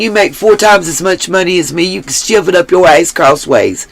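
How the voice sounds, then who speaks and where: Fired-up gravelly woman streamer. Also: fairly low pitch, normal speed, hardly any pauses, no room sound, low-quality recording. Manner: heated, profane, talks straight to her chat. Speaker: live-stream host. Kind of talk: angry live-stream rant. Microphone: headset mic.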